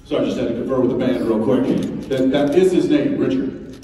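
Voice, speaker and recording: A man's voice: mid-range voice, steady tone, brisk. A man bantering and teasing as a guest on a convention panel, chatty and playful. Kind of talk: casual stage banter. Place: large convention hall stage. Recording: echoey hall, distant mic, crowd noise.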